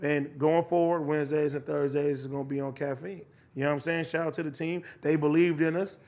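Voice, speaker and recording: A man's voice: on the high side, fairly even intonation, brisk, a little mellow. A man chatting casually as a podcast guest, laid-back, often tagging lines with "you know what I'm saying". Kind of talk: casual chat.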